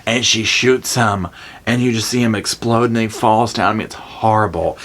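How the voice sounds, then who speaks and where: A man with a drawl tells a movie story in a relaxed, chatty way, sprinkling in "y'all". His voice sits a bit low. He slips into little voiced quotes as he goes. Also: moderate pace. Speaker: movie review host. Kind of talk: casual storytime movie recap.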